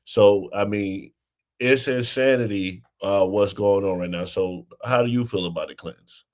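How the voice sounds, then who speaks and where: Low-voiced male host. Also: moderate pace, darkish tone. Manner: conversational, steering the discussion. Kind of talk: casual political talk.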